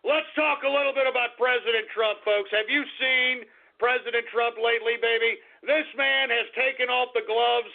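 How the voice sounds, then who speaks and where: Angry ranting radio host, gravelly voice. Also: male voice, very high voice. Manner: angry, ranting, swearing, repeating himself. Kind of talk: live talk radio rant. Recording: tinny phone-like lo-fi radio recording.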